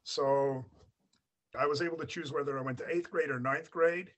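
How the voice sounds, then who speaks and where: A man's voice: a little high, fairly even intonation, normal speed, fairly bright tone. A man in his forties, raised in Australia by an American family, with a blended American-Australian accent, telling his story in a rambling, chatty way with many fillers. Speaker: guest. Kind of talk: casual storytelling interview.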